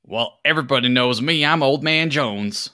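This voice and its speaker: A man voicing a folksy, gruff old man who talks loudly and drawls. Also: medium pitch, normal speed, no room sound, studio quality, pitched above the performer's own voice, close to an everyday voice. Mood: blustery.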